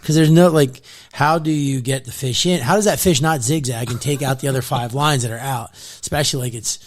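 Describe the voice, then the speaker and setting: A man from New Jersey, a podcast guest, telling fishing stories in a casual, animated way, laughing often and trailing off mid-sentence. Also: medium pitch, a little fast.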